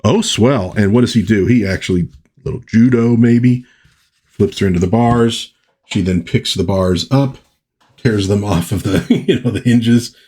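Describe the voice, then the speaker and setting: Husky-voiced man reviewing old comics. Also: lowish voice, measured pace, a little mellow. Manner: rambling, self-correcting. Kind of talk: casual comic review vlog.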